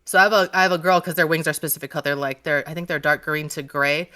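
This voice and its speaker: A woman's voice: low-pitched, fairly even intonation, fast talker, pushed and bright. A woman author in a casual podcast interview, gushing and swearing freely as she rambles with many restarts.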